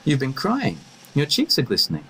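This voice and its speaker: A man's voice: mid-range voice, wildly swooping pitch, fairly bright tone, a little hiss or hum, low-quality recording. An actor playing an eccentric, inquisitive male time traveller in an audio drama. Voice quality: quick, inquisitive, playful. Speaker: lead character in an audio drama.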